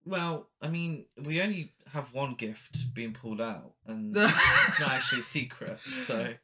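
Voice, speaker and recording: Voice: medium pitch, a little slow, bright, forceful tone, slight background noise. A person co-hosting a casual film chat, making dry, teasing remarks. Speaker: podcast co-host.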